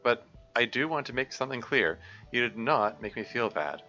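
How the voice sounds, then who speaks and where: A man's voice: medium pitch, lively intonation, moderate pace, dull audio, soft background music, voice pushed up. Man doing a caring, earnest teenage girl. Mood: pleading. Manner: gentle, pleading, concerned.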